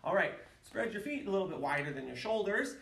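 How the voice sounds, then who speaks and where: A man instructs a martial arts class over a camera, his voice bright and forceful, swinging high and low as he counts and coaches. He sounds a few steps back from the microphone in a roomy, echoing space. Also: fairly quick, gravelly, recorded from a distance. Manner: energetic, calls counts and shouts kiai yells. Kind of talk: live online class instruction. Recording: echoey room, voice away from the mic.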